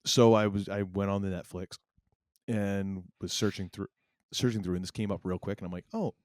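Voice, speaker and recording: Middle-aged male co-host, lowish voice, animated storyteller, dry close mic. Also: a little fast, no room sound. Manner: animated storytelling, acts out family quotes. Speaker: podcast co-host. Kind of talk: casual chat.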